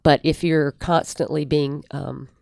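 A woman guest giving advice in an interview, thoughtful and unhurried, with many pauses and fillers. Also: sits low, steady tone, gravelly, a little mellow, dry recording, studio quality. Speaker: guest counselor. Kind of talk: reflective advice in a podcast interview.

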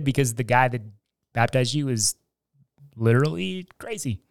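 Man, pastor, podcast co-host, smooth resonant voice, candid, casual, dry close sound. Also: medium pitch, expressive, moderate pace, dry recording. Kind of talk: podcast discussion.

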